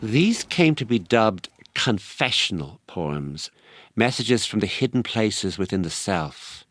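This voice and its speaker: A man giving measured, scripted documentary narration. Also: lowish voice, big pitch swings, fairly bright tone, no echo.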